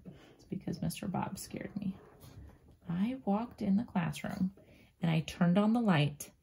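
A woman teacher slowly and gently walking young pupils through a writing lesson, often dropping into a soft near-whisper as she draws and spells. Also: mid-range voice, gravelly, a little hiss or hum. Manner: slow, gentle, talks directly to young pupils. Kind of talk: children's writing lesson, drawing and thinking aloud.

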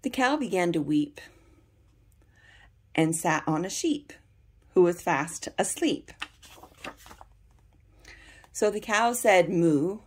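A woman reading a children's picture book aloud for young readers, in a deliberate, carefully paced storybook manner. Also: lowish voice, expressive, slightly rough.

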